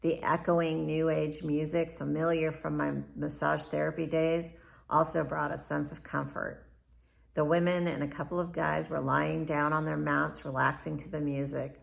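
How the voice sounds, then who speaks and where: A woman's voice: deep voice, little pitch movement, normal speed, creaky. A woman reading her own memoir aloud, in first-person narration, in a reflective and candid manner. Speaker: memoir author.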